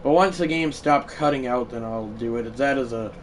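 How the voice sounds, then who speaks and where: A man streaming a baseball video game live, chatting loosely and bursting into shouted play-by-play calls. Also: medium pitch, normal speed, distant mic, slight background noise, low-quality recording. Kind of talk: live gaming stream commentary.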